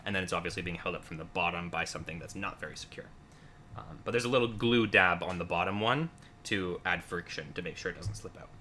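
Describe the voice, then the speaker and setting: A man with a very low, bright voice talks casually about building his machine. He rambles, full of fillers and restarts. Faint noise hums underneath. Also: fast talker. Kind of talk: casual conversation.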